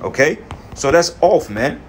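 A man's voice: a little high, very animated, slight background noise. A man teaching scripture in an angry, profane way, reading verses aloud and tagging his lines with "man" and "okay". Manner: profane, heated, ends phrases with "man" and "okay"; reads verses aloud in measured cadence.

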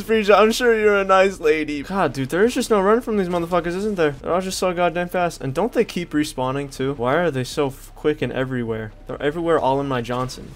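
Young man, slightly high voice, crude excitable gameplay commentary, rambling, yelps at the game. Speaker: gaming streamer.

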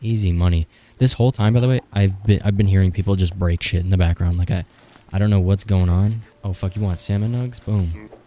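Deep-voiced young man, frantic gameplay commentary. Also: a little fast, dark tone. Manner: frantic, swearing, joking to himself. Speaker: gaming streamer.

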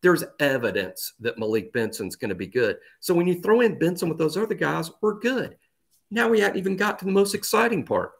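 A man's voice: a little high, expressive, fairly quick, vocal fry. A man co-hosting a sports podcast, chatting casually and animatedly, often repeating words as he thinks. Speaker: podcast co-host.

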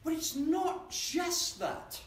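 A man's voice: very high voice, big pitch swings, slow pace, a little hiss or hum. A man preaching a sermon in a church, conversational and often asking the congregation questions. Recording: echoey church from a distance.

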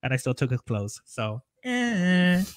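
In a slightly high, sing-song voice with a clean tone, a man portrays the mischievous, greedy, onion-loving green Grinch in a comedy interview. Speaking a little slowly, he rambles, giggles and jokes his way through silly tall tales.

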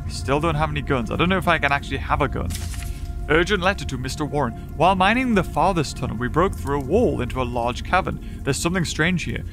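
A man playing a horror game and commenting on it, excitable, often gasping and laughing and reading in-game notes aloud. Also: a little high. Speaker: gaming YouTuber. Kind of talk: let's play commentary.

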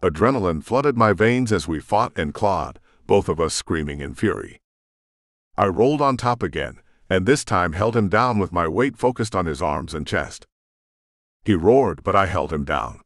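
A man's voice: low-pitched, animated, moderate pace, no room sound, studio quality. A man reading a first-person audiobook in a tense, dramatic storytelling manner. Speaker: audiobook narrator.

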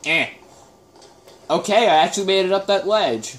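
A man's voice: sits high, lively intonation, moderate pace, fairly bright tone. A man giving casual live gameplay commentary, chatting and reacting aloud with sudden exclamations and muttered groans.

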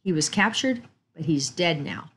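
Woman reader voicing an earnest teen boy, matter-of-fact, lowish pitch, storybook read-aloud. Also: expressive, moderate pace, slightly rough.

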